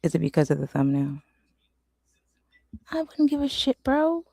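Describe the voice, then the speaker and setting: A woman's voice: deep voice, sing-song, moderate pace, creaky, a little mellow, slightly rough, no room sound. A woman hosting a casual livestream, frustrated and swearing, often dropping into whispers, talking into a desk microphone at home. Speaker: livestream host.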